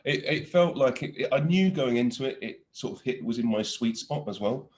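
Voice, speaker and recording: A man in his forties, an actor telling stories in a casual interview, animated and laughing often with many restarts. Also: medium pitch, normal speed. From Britain.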